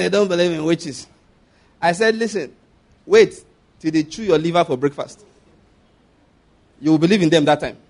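A high-pitched man delivers a sermon. He presses his points hard and repeats them, and he often stops to ask whether the congregation is following him. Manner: emphatic, repeats points and checks the audience follows. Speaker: preacher.

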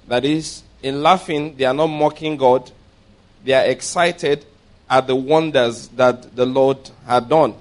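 A man preaching a sermon, emphatic and slowing down to stress key words, often checking that his listeners follow. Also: medium pitch, steady tone. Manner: emphatic, stretches key words slowly, asks the congregation for agreement.

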